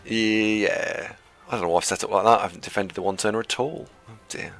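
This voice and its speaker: A man's voice: lowish voice, fast talker, gravelly, a bit bright, faint music behind. A man commenting on a game stream with wry, self-critical remarks. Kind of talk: casual chat over gameplay.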